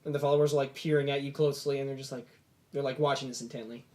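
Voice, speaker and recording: A man's voice: medium pitch, flat delivery, racing, darkish tone. A man running a tabletop game as game master, narrating loosely with many fillers.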